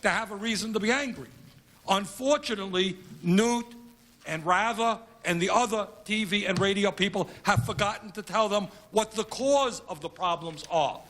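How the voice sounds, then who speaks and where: A man's voice: high-pitched, normal speed, fairly bright tone. A congressman giving an emphatic speech at a conference, building his points through repeated phrases.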